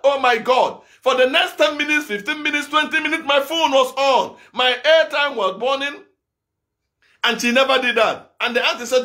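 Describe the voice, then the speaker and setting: Male evangelist, very high and bright tone, impassioned sermon with shouted repeats. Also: moderate pace. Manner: impassioned, repetitive, bursts of shouting. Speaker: evangelist preacher.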